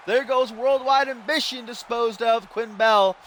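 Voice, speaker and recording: Excitable young man calling game wrestling. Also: high voice, measured pace, slight background noise. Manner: excitable, laughing, exasperated at botches. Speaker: gaming YouTuber. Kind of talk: play-by-play commentary over a wrestling video game.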